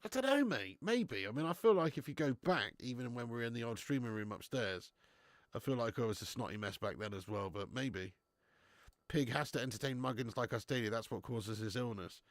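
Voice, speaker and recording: A man's voice: medium pitch, lively intonation, fairly quick, no room sound, studio quality. A young man, chatty and laughing as he hosts a live stream and reads out comments, a bit under the weather with a cold. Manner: chatty, laughing, slangy banter. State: has a cold. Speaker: livestream host. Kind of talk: casual live-stream chat reading comments. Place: home garage.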